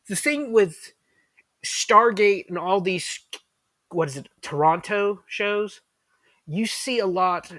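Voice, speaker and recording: Male podcast host, bright forceful voice, dry close mic, rambly and excited. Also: high-pitched, no room sound. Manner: rambling, enthusiastic, many fillers and restarts. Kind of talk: casual chat.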